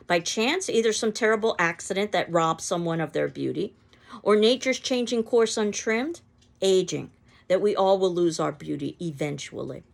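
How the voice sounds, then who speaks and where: A woman lecturing on a sonnet like a teacher, reading lines slowly and then explaining them in plain words. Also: lowish voice, expressive, creaky. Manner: addresses the listener directly with repeated "notice". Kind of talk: literature lecture with poetry reading.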